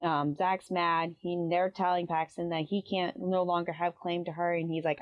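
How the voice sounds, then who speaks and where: A woman's voice: on the low side, little pitch movement, moderate pace, few pauses, dry recording, highs cut off. A woman hosting a casual book review, retelling the plot in a rambling way with lots of "um" and "like.". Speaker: book review podcast host.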